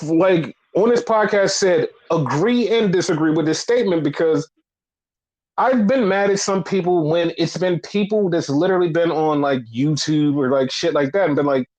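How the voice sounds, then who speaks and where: Young male podcast co-host, high-pitched, profane rant, filler-heavy. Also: a little mellow. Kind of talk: casual critical rant.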